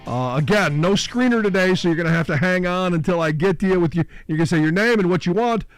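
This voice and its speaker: A man's voice: high voice, lively intonation, quick pace, smooth, soft background music. A man hosting a call-in radio talk show, talking in a loose, opinionated, conversational way.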